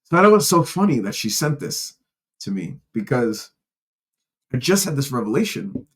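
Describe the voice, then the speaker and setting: A podcast host with a mid-range voice is very animated, speaking at a moderate pace on his casual solo show. He tells personal stories candidly and ramblingly, with restarts and casual profanity.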